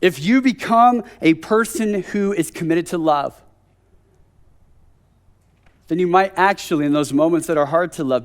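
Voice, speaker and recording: A man in his thirties preaching a conversational sermon at a church service, telling a story with joking asides. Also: on the high side.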